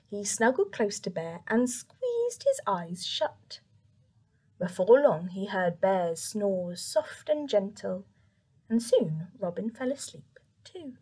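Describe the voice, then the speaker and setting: Young woman, children's storybook reader, slow and soft, breathy, lively sing-song pitch. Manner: soft and expressive, with whispered asides. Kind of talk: reading a picture book aloud to children.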